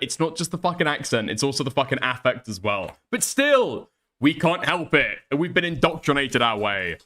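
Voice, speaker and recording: A man's voice: medium pitch, sharp tone. A British man streaming live, reacting to a video and reading chat with sweary, sarcastic, mock-indignant commentary.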